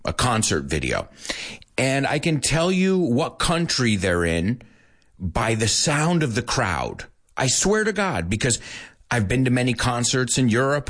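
Lively American man hosting a show. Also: medium pitch. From United States. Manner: animated, playful, mixes Spanish in. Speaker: radio show host. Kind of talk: casual chat to Spanish-speaking learners.

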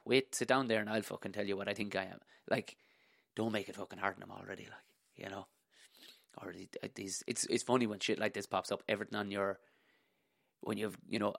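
Irish guy rambling on his podcast, deep gravelly voice, curses constantly, dry close mic. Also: dry recording. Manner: profane, rambling, jokey. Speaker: podcast host. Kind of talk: casual rambling monologue.

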